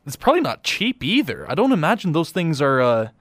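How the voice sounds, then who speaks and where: Wry, lively-voiced radio co-host man. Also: on the high side, no room sound, studio quality. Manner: wry, quick reactions and jokes. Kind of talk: casual radio banter.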